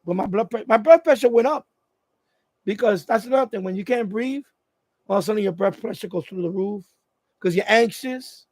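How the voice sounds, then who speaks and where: A man with a high, gravelly voice talks casually on a live stream from his home. He rambles through his story, restarting sentences as he goes. The sound is close and dry, with no room around it. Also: fairly quick, a little mellow, no room sound. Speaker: radio hobby channel host. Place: at home, indoors.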